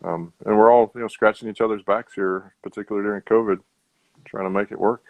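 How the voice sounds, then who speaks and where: A man's voice: on the low side, fairly even intonation, fast, no room sound, narrow, tinny audio. A man, a tequila brand founder, chatting as a podcast guest in an easygoing, rambling way. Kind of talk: casual podcast chat.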